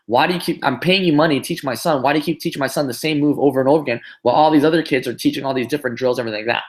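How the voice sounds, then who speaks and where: A man's voice: medium pitch, very fast, natural voice. A man voicing a frustrated father in a story, upset and pleading. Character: frustrated father of a one-armed boy.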